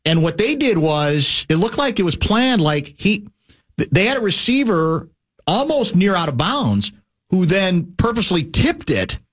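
A male radio host teases and prods his in-studio guest. His voice sits slightly high and swings widely in pitch as he jokes and pushes for details. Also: sing-song, a little slow, a bit bright. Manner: teasing, prodding interviewer. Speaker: radio talk show host. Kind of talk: casual radio chat.

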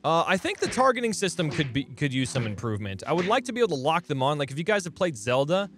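Excitable young man playing a game. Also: a little high, quick pace, crowd noise. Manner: excitable, talks to viewers, yelps and laughs at surprises. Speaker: gaming channel host. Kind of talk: let's play commentary.

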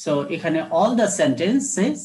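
A man's voice: sits high, very animated, fast talker, a little mellow. A man who speaks Bengali natively, teaching an English lesson. He drills words, repeats them, translates each line and keeps calling the listener "my dear student". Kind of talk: recorded classroom lesson.

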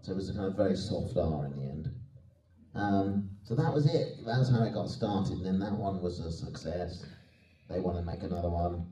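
Male panel guest, low pitch, mellow tone, easygoing storyteller; roomy hall sound, distant mic. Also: moderate pace. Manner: chatty, self-deprecating, laughs often. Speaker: guest actor on a convention panel. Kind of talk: anecdotal panel Q&A. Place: convention hall.

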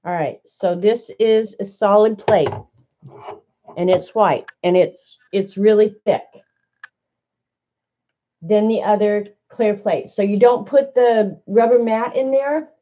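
Chatty crafter lady getting flustered over her machine, mellow voice, kinda dull lo-fi sound. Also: mid-range voice, slow. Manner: chatty, flustered, thinking aloud. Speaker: crafter demonstrating a die-cutting machine. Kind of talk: casual craft demonstration to viewers.

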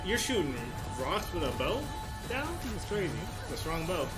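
A man's voice: sits high, sing-song, normal speed. Ranting, cursing male streamer. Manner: ranting and profane. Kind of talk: live reaction stream. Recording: music playing behind.

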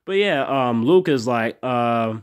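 A man who reviews TV shows and runs his own channel hosts a casual vlog review in a laid-back, profane style, often laughing and acting out characters' lines. His mid-range voice is animated, slow and smooth.

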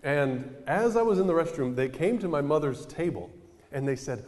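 Animated storytelling preacher man in a reverberant hall. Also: medium pitch, fairly quick. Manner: animated storyteller, acting out quoted voices. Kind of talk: storytelling sermon.

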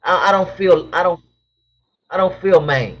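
Young socal guy live streaming, pretty high voice, slangy chill banter, kinda muffled webcam audio. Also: measured pace, fairly bright tone. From Southern California. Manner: loose slangy banter, reads chat questions aloud. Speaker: live stream host answering chat questions. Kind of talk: casual live-stream chat. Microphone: webcam mic.

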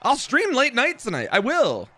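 A young man streaming a football video game, chatting casually with his viewers, excitable and swearing, with sudden loud outbursts. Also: very high voice, moderate pace. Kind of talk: live game stream commentary.

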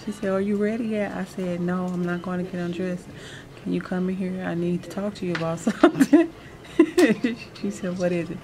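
A woman's voice: lowish voice, normal speed, background noise. A nervous woman vlogging casually to a handheld camera at home and in a hospital pre-op room, chatty, slangy and laughing often. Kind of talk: casual vlog chat to camera.

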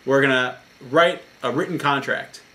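Shady, fast-talking male villager, eager to please, played by a man telling a parable. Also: mid-range voice, sharp tone, slight background noise, natural voice, poor audio. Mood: persuasive. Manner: eager, persuasive. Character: smooth-talking dishonest male villager seeking a loan.

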